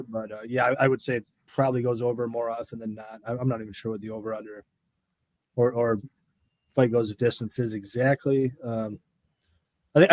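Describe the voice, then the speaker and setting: A man's voice: medium pitch, a little mellow, no room sound, poor audio. A man co-hosting a casual betting chat, hesitant and full of restarts. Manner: hesitant, many ums and restarts. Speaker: betting show co-host. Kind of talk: casual group chat on a live stream.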